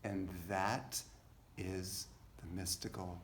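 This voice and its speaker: A man teaching a relaxed spiritual class to a live group, gentle and unhurried, laughing easily. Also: sits low, a little hiss or hum. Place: church hall with a live group. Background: guitar music.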